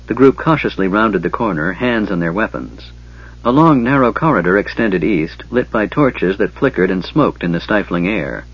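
A man reading a fantasy novel aloud in steady, scripted narration. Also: on the low side, moderate pace, slightly rough. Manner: steady, even storytelling. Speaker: audiobook narrator. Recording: dull lo-fi recording.

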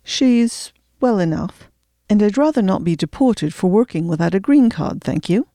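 A woman's voice: mid-range voice, expressive, moderate pace, dark tone, no room sound, clean studio sound, lightly acted. A woman voicing a frustrated middle-aged man, a retired recovery agent who talks tersely and with exasperation. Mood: guarded.

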